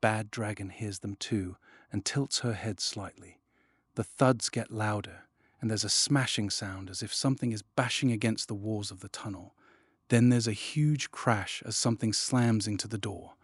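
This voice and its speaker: Storybook narrator: man, low and husky, expressive first-person reading. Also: no room sound, clean studio sound. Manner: expressive, dropping to a hush at tense moments. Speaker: audiobook narrator.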